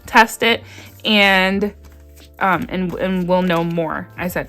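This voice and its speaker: A woman vlogger telling a personal story in a casual, animated way, acting out what people said and laughing often. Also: medium pitch, takes it slowly, soft background music. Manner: animated storytelling with frequent laughs and acted-out quotes.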